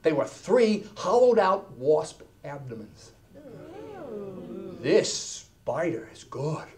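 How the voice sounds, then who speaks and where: A man telling a comic story on stage as a keynote speaker, wisecracking and animated, dropping into hushed asides. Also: on the high side, slow pace, slight background noise. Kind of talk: stand-up comedy storytelling. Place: stage before a live audience.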